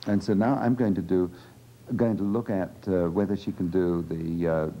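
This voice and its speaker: A man, a speech clinician, gives a measured, explanatory demonstration of a speech evaluation on an old dull lo-fi 1980 videotape. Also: deep voice, steady tone, mellow. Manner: measured, explanatory, patient coaxing with a child. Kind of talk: instructional demonstration.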